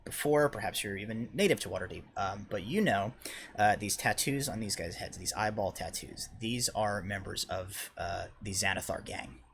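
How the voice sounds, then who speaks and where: A man's voice: lowish voice, moderate pace, creaky, fairly bright tone, faint music behind. A man narrating as game master in a live tabletop game, with frequent ums and uhs. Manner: hesitant, many ums and uhs.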